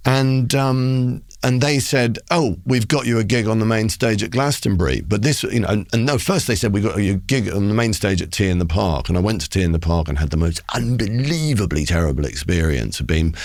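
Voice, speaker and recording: Middle-aged male poet, studio interview guest, deep gravelly voice, dry close mic, animated theatrical storyteller. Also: fairly quick, hardly any pauses, no room sound. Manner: animated storyteller with theatrical flair, acting out voices, frequent restarts. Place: recording studio.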